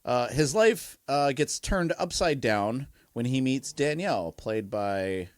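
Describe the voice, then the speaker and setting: A man's voice: mid-range voice, takes it slowly, no room sound, studio quality. A man co-hosting a casual movie podcast, telling stories and laughing often. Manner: laughs often, animated storytelling. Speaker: podcast co-host. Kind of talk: casual movie review chat.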